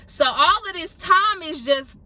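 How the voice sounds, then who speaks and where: A young woman from Houston, telling a travel story to her vlog viewers in a casual, animated way and acting out what people said. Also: very high voice, a little slow. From Houston, Texas. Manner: animated, acts out other people's lines in quoted voices. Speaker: vlogger.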